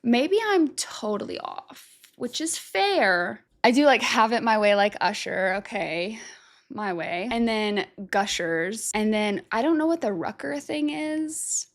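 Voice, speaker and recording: A woman's voice: a little high, expressive. A woman hosting a music reaction video, thinking aloud, unsure of herself, and trailing off into self-doubt. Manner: reads lyrics aloud slowly. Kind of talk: casual reaction commentary.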